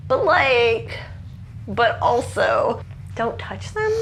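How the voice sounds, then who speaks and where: A lazy, dismissive male starship captain talks like a bro, as a woman puts him on. His lines come out lively and a bit high. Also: extremely slow, vocal fry, a little hiss or hum, exaggerated voice.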